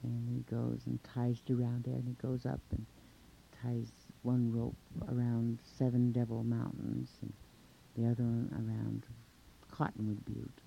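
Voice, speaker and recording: A man telling a traditional folk tale in an unhurried way, linking events with 'and' and pausing on fillers. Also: mid-range voice, completely flat delivery, gravelly, warm tone, a little hiss or hum. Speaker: storyteller. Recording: dull lo-fi recording.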